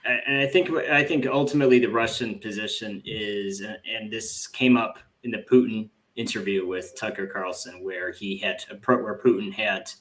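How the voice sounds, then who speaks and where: Bright-voiced man rambling on a podcast. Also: on the low side, steady tone, normal speed, hardly any pauses. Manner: rambling, many filler words and restarts. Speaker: podcast host. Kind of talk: casual political discussion.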